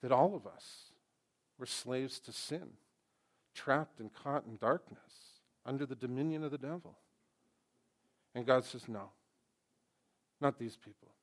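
A middle-aged man preaching a sermon as pastor, lively and joking, swinging from loud emphasis to quiet, intense passages. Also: mid-range voice, unhurried, pauses often.

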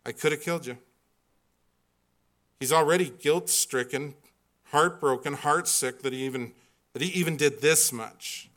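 A man preaching a sermon with lively delivery, reading scripture and acting out the characters in it. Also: fairly high pitch, a little slow, pauses often. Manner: animated preaching, acts out scripture voices. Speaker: pastor.

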